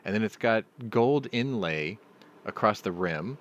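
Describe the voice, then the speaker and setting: A man's voice: fairly low pitch, lively intonation, a little slow. A middle-aged man hosting a casual live chat, rambling through stories and swearing freely. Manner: profane, rambling storyteller. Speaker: host.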